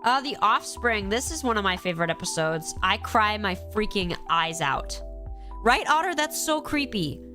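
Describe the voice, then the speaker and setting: Congested female streamer, animated and gushing, mid-pitched, faint music underneath. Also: moderate pace. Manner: animated, gushing, acts out quoted lines. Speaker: streamer ranking episodes. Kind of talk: casual live-stream chat.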